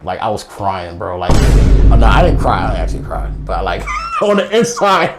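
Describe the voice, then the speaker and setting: A man's voice: fairly low pitch, normal speed, over a noisy crowd. A young man telling a funny personal story in slangy, rambling casual speech, laughing often as he goes. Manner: animated, laughs through the telling. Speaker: guest storyteller.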